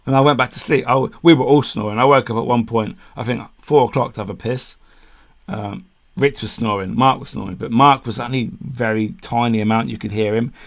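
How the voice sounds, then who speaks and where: A man's voice: mid-range voice, fairly even intonation, brisk, vocal fry. A man co-hosting a podcast, telling a long camping story in casual chat, swearing freely and acting out what people said. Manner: swears freely, acts out quotes, laughs mid-story. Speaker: podcast co-host.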